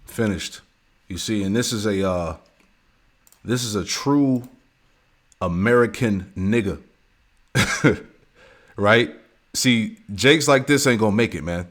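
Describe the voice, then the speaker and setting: Low-voiced man teaching scripture. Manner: reads verses slowly, peppers talk with "man" and "all right". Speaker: religious teacher. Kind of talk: scripture lesson.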